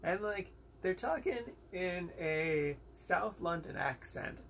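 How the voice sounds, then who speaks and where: A man's voice: sits high, animated, slow pace, vocal fry, fairly bright tone, a little hiss or hum. A young American man giving a casual, rambling movie review, frank and exasperated, with lots of fillers and quoted asides. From United States.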